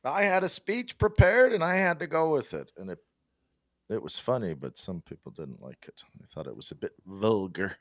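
A man's voice: on the low side, animated, moderate pace, no room sound. A man, a former hockey player, guesting on a podcast and telling a rambling, self-deprecating story in casual chat.

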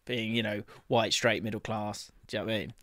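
A middle-aged man with a London accent, co-hosting a casual football chat, self-mocking and quick to laugh at his own stories. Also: fairly low pitch, steady tone, fairly bright tone, no room sound, clean studio sound. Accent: London English. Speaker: podcast co-host.

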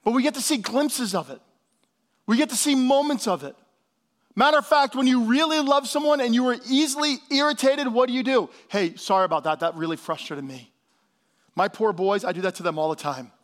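A man in his fifties preaching a sermon in a fairly high voice. He talks to his congregation like they're friends, calls out for an amen, and sometimes sinks to a near whisper for emphasis. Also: fairly quick. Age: 50s. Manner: animated preaching, drops to soft hushed tones for emphasis. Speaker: pastor.

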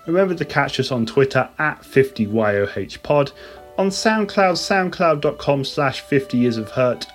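A man hosts his own podcast, rattling off team after team in a relaxed, chatty rundown. His voice sits at an ordinary pitch for a man, with faint music playing softly under it. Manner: casual, listing teams in a steady rundown. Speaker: podcast host. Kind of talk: solo football podcast predictions.

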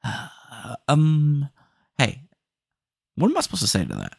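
A man's voice: on the high side, wildly swooping pitch, measured pace, creaky, husky, dry recording, studio quality. A young man hosting a casual solo podcast, telling rambling stream-of-consciousness stories and often saying dude. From Texas. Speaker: podcast host.

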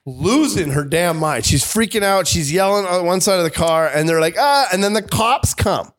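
Guy in his late 30s rambling thru a party story, bit high voice, keeps cutting himself off, crowd noise behind. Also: expressive, normal speed. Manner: rambling, self-interrupting, laughs through punchlines. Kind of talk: casual storytelling.

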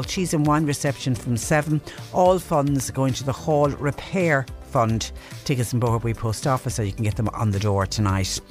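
Irish radio host reading notices. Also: male voice, mid-range voice. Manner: conversational, reads texts and notices aloud. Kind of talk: local radio phone-in and announcements. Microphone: studio microphone.

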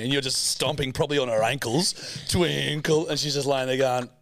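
A man's voice: mid-range voice, fairly even intonation, a little fast, vocal fry, a bit bright, dry recording. A young man co-hosting a casual podcast, joking and swearing freely in crude banter. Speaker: podcast co-host. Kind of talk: casual chat.

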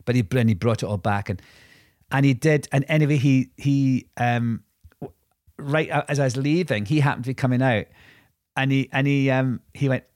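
This podcast co-host speaks at a normal speed in a medium-pitched, darkish voice, captured in clean studio sound without echo. Chatting casually, he spins meandering stories with frequent restarts and side comments.

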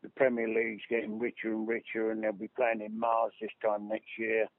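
A man with a halting, rambling manner, giving a phone interview about football. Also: lowish voice, monotone. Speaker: football club manager interviewee. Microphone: phone line. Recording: tinny phone line.

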